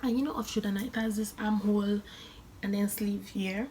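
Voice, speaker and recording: A young woman talks to her channel and tells a story with real drama. She often drops into a whisper for asides. Her voice sits at a middle pitch, with a faint hiss behind it. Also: fairly even intonation, brisk, dark tone. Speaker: vlogger. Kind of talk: casual storytelling vlog.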